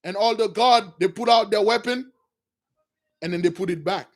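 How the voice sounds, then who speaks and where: High-voiced man retelling a story. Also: moderate pace. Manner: animated, addresses listeners as brothers. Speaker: preacher, storyteller. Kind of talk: casual retelling of a religious story.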